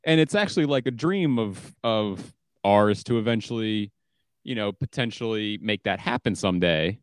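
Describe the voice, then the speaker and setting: A man with a lowish voice hosting a podcast, talking in a relaxed and amused way. The recording is dry and close. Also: moderate pace, clear, resonant tone, no echo. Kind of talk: casual chat.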